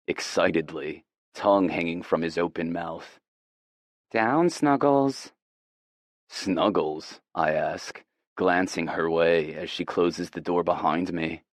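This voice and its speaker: A man narrating a romance audiobook in the first person, with a measured, unhurried reading. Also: deep voice, no room sound, clean studio sound.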